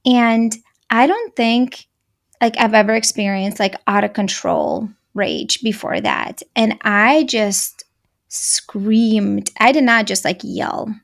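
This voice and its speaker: A woman's voice: on the high side, fairly even intonation, slow pace, creaky. A woman in her thirties whose first language is Russian, earnestly telling her story as a guest in a casual interview.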